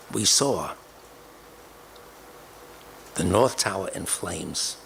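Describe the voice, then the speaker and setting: A man's voice: deep voice, vocal fry, fairly bright tone, a little hiss or hum. An older man telling a personal story emphatically, acting out the dialogue he quotes.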